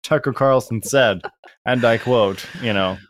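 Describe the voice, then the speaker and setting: A man's voice: mid-range voice, unhurried, a bit bright, no echo, clean studio sound. A man co-hosting a podcast in a casual conversational chat, wry and rambling with many restarts. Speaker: podcast co-host.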